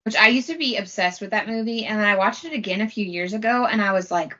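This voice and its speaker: A woman's voice: medium pitch, fast talker, lo-fi sound. A woman co-hosting a podcast, chatting casually and animatedly about a film. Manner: chatty, animated, laughs often. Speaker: podcast co-host. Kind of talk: casual film commentary chat.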